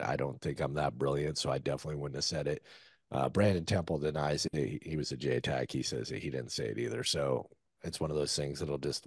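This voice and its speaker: A man's voice: rumbling low, a little mellow, husky, no echo, studio quality. A man, a former soldier, telling a war story casually in an interview, loose and profane with lots of fillers. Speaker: guest, former Army Ranger.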